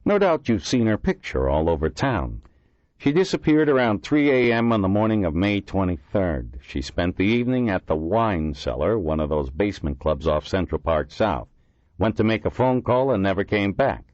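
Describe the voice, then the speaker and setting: A man's voice: sits low, very animated, normal speed, darkish tone, no room sound. A man voicing an irritable, blunt male police lieutenant in an audiobook reading. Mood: impatient. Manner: gruff, blunt. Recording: dull lo-fi dry recording.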